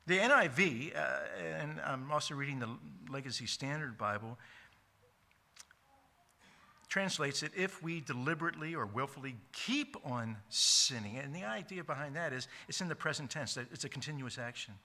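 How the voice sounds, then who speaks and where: Bright emphatic preacher man. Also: mid-range voice, lively intonation. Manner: emphatic, repeats key words slowly, frequent restarts. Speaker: pastor. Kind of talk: sermon. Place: church sanctuary.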